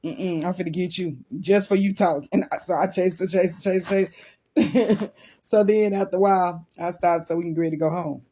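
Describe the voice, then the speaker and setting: Husky, animated woman telling a story. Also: on the low side, a little fast. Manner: animated, laughing, vivid sound effects. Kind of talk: casual storytelling.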